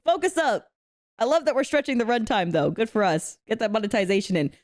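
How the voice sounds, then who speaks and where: A woman's voice: medium pitch, animated, fast talker, darkish tone, slight background noise. A young woman streamer chatting casually with her viewers, giggly, playful and cheerfully profane, on a close desk mic. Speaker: streamer reacting to a video. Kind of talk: casual reaction chat.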